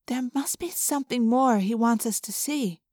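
A woman doing a soft, uneasy teenage girl. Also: fairly high pitch, normal speed, dry recording, studio quality, close to an everyday voice. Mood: troubled. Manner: soft, hesitant.

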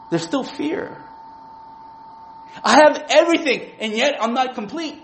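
A man's voice: very high-pitched, very animated, a little slow, gravelly, long pauses, slight background noise, rough recording. A man in his forties preaching a sermon in a casual, talky way, often asking "right?" to the listeners. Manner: conversational, keeps asking "right?". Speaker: preacher and lawyer.

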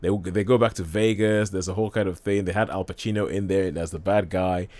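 A man's voice: low voice, steady tone, a little fast, darkish tone. A man hosting a radio show, chatting casually about films and laughing often. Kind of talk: casual film chat.

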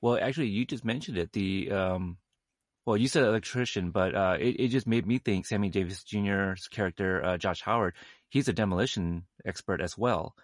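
A man in a casual film discussion, talking haltingly with many fillers and restarts. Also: deep voice, no room sound, clean studio sound.

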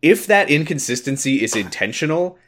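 A man's voice: a little high, sing-song, moderate pace, fairly bright tone. An American man co-hosting a casual podcast chat, acting out scenes in put-on voices. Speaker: podcast co-host.

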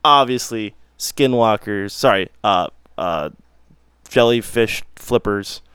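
A man's voice: on the low side, slow pace, a bit bright, clean tone, no echo. A man hosting a casual podcast chat, loose and joking with crude humor. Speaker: podcast host.

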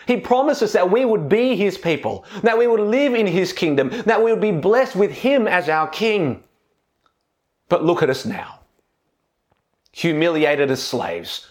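A man preaching an expository sermon in an earnest, expressive way, often putting rhetorical questions to his listeners. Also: a little high.

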